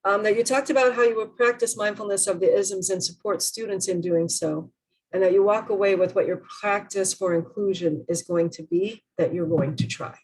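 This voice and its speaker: Husky woman leading an online workshop. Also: mid-range voice, steady tone, normal speed, a little mellow, poor audio. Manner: earnest, emphatic, rhetorical questions. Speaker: workshop presenter. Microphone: video call.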